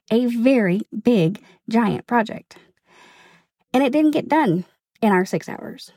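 A woman talking casually in a storytime vlog from her car, chatty, emphatic and excited. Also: medium pitch, no echo, clean studio sound. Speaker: vlogger, home organizer. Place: inside a parked car.

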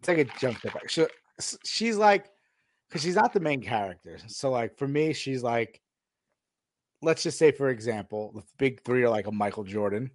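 Male podcast co-host, mid pitch, casual and animated, dry close-miked sound. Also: moderate pace, dry recording. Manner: animated retelling, acts out scenes. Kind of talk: casual TV recap chat.

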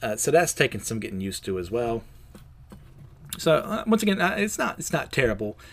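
A man's voice: mid-range voice, big pitch swings, brisk, fairly bright tone. A man chatting loosely through his thoughts on a comic, full of restarts and filler words. He laughs at his own slips and keeps things casual and unscripted, in an ordinary mid-range voice. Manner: rambling, laughs at himself, many fillers. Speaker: host of a comics review show. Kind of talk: casual review chat, recounting a comic.

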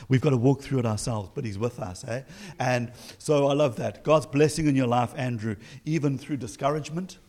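A man's voice: mid-range voice, brisk, a little mellow. A man with a South African accent preaching an encouraging sermon as pastor, full of emphatic rhetorical questions.

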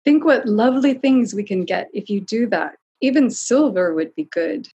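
A woman voicing a shrill, greedy younger female creature, a mother, in a storybook reading. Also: lively intonation, moderate pace, mellow, slightly rough, highs cut off. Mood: coaxing.

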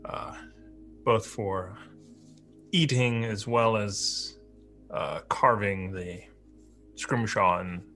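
A man playing a tabletop game, speaking in a hesitant, measured way with many fillers. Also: lowish voice, fairly bright tone, soft background music.

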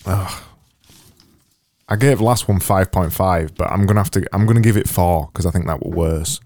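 A man's voice: low voice, moderate pace, a little mellow, a little hiss or hum. A man with a Northern English accent co-hosting a podcast, teasing his friends in dry, casual banter. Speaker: podcast co-host.

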